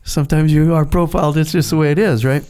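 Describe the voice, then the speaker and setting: A man in his seventies, a podcast guest, telling stories in a casual, animated way and acting out the people he quotes. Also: fairly high pitch, fast talker, a little hiss or hum. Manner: animated, laughs between lines, acts out the people he quotes. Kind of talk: casual storytelling.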